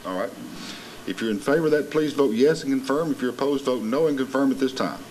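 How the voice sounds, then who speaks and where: A man's voice: mid-range voice, quick pace, darkish tone, a little hiss or hum, low-quality recording. Man chairing a county meeting. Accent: Southern American. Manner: formal, procedural vote calls. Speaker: commission chairman. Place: county commission meeting room.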